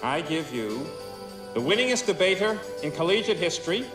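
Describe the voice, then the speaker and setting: A man's voice: fairly high pitch, very animated, normal speed, over music. An actor playing a formal male announcer introducing a guest of honor in oratorical style. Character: formal male master of ceremonies. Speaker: announcer at a ceremony. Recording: echoey hall.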